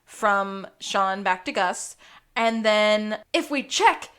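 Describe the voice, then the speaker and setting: A woman's voice: medium pitch, animated, takes it slowly, a bit bright, clear, resonant tone. A woman co-hosting a podcast, reading her notes aloud and quipping while recapping a TV episode. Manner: reads her notes aloud, playful quips. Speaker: podcast co-host. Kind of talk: casual chat recapping a TV episode.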